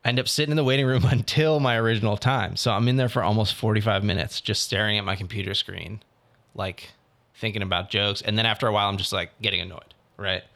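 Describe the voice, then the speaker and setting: A man's voice: lowish voice, fast, vocal fry, a bit bright. A young man in casual chat, animatedly telling an audition story and quoting others. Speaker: actor telling about auditions.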